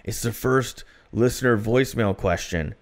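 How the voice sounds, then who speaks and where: A man's voice: medium pitch, moderate pace. A man co-hosting a podcast, chatting casually and telling rambling stories with plenty of fillers. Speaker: podcast co-host.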